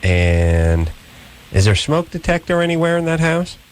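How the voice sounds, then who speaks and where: A man's voice: fairly high pitch, big pitch swings, normal speed, a little hiss or hum. A middle-aged man hosting a late-night call-in radio show, riffing loosely and joking with a co-host and callers. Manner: loose, joking, rambling riffs and bits.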